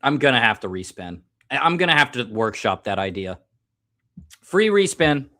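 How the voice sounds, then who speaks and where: A man's voice: lowish voice, animated, a little fast, sharp tone. An American man hosting a live stream, chatting casually and joking while drinking, rambling and self-mocking.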